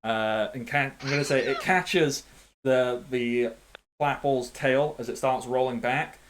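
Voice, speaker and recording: A man's voice: mid-range voice, unhurried, a little hiss or hum. Playful man running a tabletop game. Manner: animated, playful, makes sound effects. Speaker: game master.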